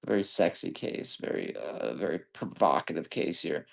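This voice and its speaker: A very deep voice with vocal fry, very animated, belongs to a man hosting a video game sales stream. He chats loosely and profanely, greeting viewer after viewer in quick bursts.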